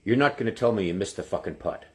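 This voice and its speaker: Man doing an older Irish priest, put-on accent, dry and deadpan. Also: lowish voice, fast, voice pushed down, natural voice. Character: older male Irish priest hearing confession.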